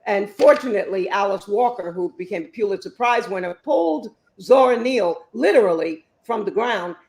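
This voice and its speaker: Expressive woman author in her fifties. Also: mid-range voice, normal speed. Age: 50s. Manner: expressive, emphatic storyteller. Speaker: author and guest. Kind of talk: interview answers.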